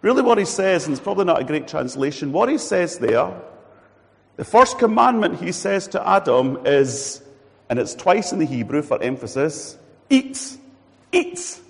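Animated preacher with gravelly voice. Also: male voice, on the high side, moderate pace, big-room sound. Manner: animated, acts out quoted voices. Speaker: pastor. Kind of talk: sermon.

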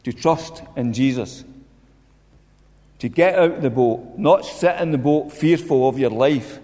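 A man's voice: mid-range voice, measured pace, dark tone. A man preaching a sermon, earnest and repeating his key lines for emphasis. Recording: long hall reverb.

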